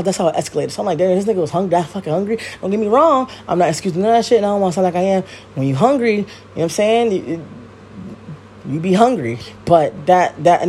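A woman's voice: fairly low pitch, slight background noise. A woman hosting her own podcast, ranting casually with blunt, profane slang and lots of repetition. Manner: blunt, heavy swearing and slang; animated, repeats herself. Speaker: podcast host. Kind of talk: casual commentary rant.

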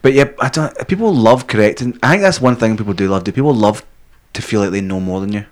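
A man's voice: on the low side, fast talker. A Scottish man co-hosting a podcast, rambling and swearing constantly as he jokes. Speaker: podcast co-host. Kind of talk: crude casual chat.

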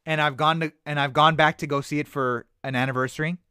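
A man's voice: fairly high pitch, quick pace, clean tone, dry recording, studio quality. A man co-hosting a movie podcast, chatting casually and emphatically, repeating his points. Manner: animated, emphatic, repeats phrases. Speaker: podcast co-host.

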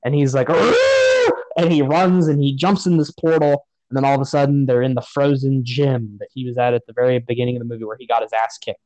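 A man's voice: medium pitch, flat delivery, quick pace, hardly any pauses, mellow, no echo, low-quality recording. A man on a podcast giving a profane, sarcastic rant about a movie in casual chat. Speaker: podcast host.

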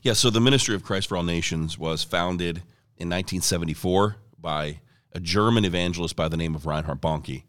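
A man with a low, fairly quick, slightly bright voice is interviewed as an evangelist guest in a ministry headquarters office. The studio-quality recording has no room sound, and he tells a story earnestly and fluently, quoting others.

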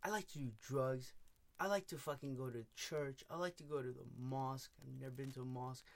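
Young male host, casual, rambling and animated, curses freely. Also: medium pitch, a little fast, gravelly, slight background noise. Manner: rambling, swears a lot, animated. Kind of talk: casual chat.

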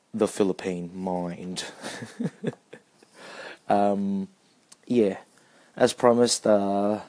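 A man's voice: fairly low pitch, warm tone. A man hosting a podcast, rambling casually and chuckling as he mixes in Tagalog phrases. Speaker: podcast host. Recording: music playing under the voice.

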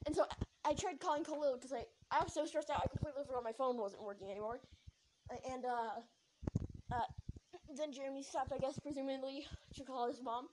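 A woman telling a story in a rambling, excited way, with lots of restarts and asides. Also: high-pitched, a little fast, noisy background. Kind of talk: casual storytelling.

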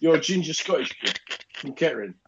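A man in casual podcast chat delivers dry, teasing remarks in a wry tone. His voice sits at an ordinary pitch. The recording sounds dull, with a faint hiss behind it. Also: animated, a little fast. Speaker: podcast co-host.

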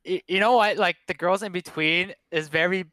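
A man's voice: high-pitched, steady tone, moderate pace, bright, forceful tone, dry recording. A young man chatting casually about his past relationships, joking and rambling with many fillers and restarts. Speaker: guest.

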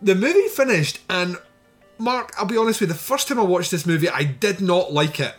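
Guy ranting about a movie on a podcast, laughs a lot, swears, voice bouncing all over, a bit high, faint music behind. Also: a little fast. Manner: animated, laughing, swears freely. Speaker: podcast co-host reviewing a film. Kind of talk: casual chat.

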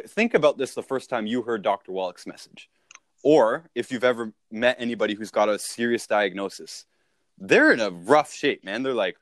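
Low-voiced man coaching emphatically. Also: dry recording. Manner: emphatic, punchy, peppered with "right?". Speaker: sales coach. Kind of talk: casual podcast conversation.

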